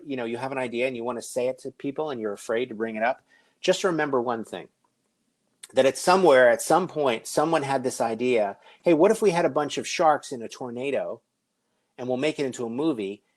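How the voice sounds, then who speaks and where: A middle-aged man giving a conference keynote, conversational with joking asides. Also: mid-range voice. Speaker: conference speaker. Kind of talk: keynote presentation.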